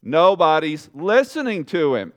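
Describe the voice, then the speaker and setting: A man preaching a sermon to his congregation, animated and conversational, talking straight to the people in front of him and dropping his voice low and soft to stress a point. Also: unhurried. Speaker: pastor.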